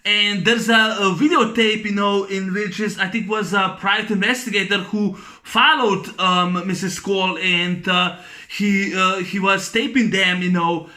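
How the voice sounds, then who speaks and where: Bright-voiced rambling man reviewing a movie. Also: sits high, fairly even intonation, a little slow. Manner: rambling, full of fillers and "you know"; laughs often while retelling scenes. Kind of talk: casual spoken movie review.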